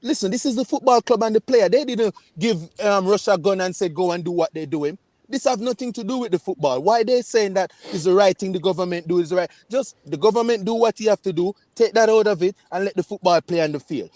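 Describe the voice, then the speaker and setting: A man's voice: high-pitched, quick pace, few pauses, a little mellow, no room sound, studio quality. A man with a Jamaican accent, calling in to a football fan show on a video call, ranting with fiery emphasis. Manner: fiery, emphatic, repeats "man" and "you understand". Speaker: fan caller.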